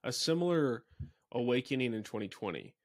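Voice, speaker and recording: A man hosts a podcast in casual conversation, and he is also a pastor. He tells stories wryly and acts out the reactions he quotes. The sound is dry, and his pitch sits in the middle. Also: lively intonation, a little fast, dry recording.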